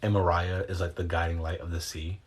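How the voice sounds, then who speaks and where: Speaking into a phone, a man with a deep, fairly flat voice talks a little fast on a livestream. He rambles casually in loose slang, swears a bit, answers viewer questions and guides breathing exercises.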